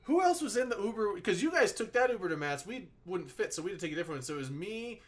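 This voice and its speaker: Man, casual podcast chat, animated storyteller, very expressive pitch. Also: fast talker. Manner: animated storytelling, swears freely.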